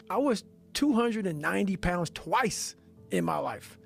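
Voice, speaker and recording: Gravelly high-pitched man, intense and profane. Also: lively intonation, normal speed. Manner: intense, profane, hammering repetition. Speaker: motivational speaker. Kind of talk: motivational talk. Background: faint music.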